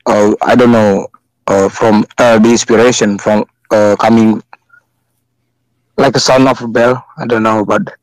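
A man with an Indonesian accent calls into a debate and speaks haltingly, stopping often and starting his sentences over. His voice sounds dry and close, with no room echo. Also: on the low side, fairly even intonation. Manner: hesitant, many fillers and restarts. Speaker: caller.

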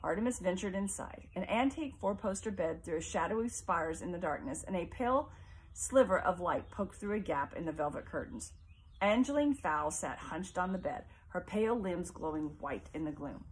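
A woman reading a novel aloud as audiobook narration in a measured, expressive way. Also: on the low side. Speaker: audiobook reader.

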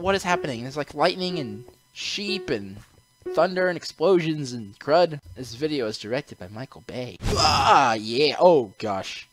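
A man hosting a gaming channel, giving excitable play-by-play commentary and yelping when he is in danger. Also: a little high, measured pace. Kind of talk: gameplay commentary. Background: game music.

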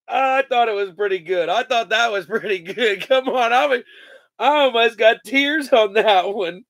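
A man's voice: extremely high pitch, unhurried, creaky, fairly bright tone, no room sound. A man hosting a live sports card break, joking, laughing and rattling off player names as he opens packs. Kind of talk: casual live card-opening chat.

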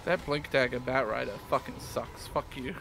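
A man's voice: medium pitch, normal speed, gravelly, background noise. A man in casual gaming chat, joking and griping about his game.

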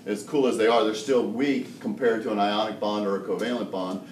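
A man's voice: on the low side, a little fast, slight background noise. Male chemistry teacher, jokey lecturer, captured from far off in a roomy classroom. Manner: joking, animated explainer who laughs often. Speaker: high school chemistry teacher.

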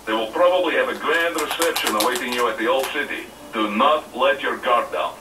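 A man playing a calm military commander on radio. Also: medium pitch, fairly quick, roomy sound, close to an everyday voice. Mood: calm briefing. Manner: formal, briefing tone. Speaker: radio support officer in a game. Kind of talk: game voice acting over radio. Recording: distant, noisy game audio.

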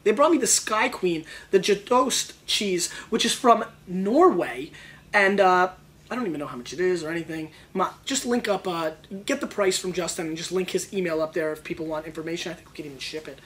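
A man hosting a casual wine tasting show, excitable and playful, riffing on flavors in slangy talk. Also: high-pitched, a little fast.

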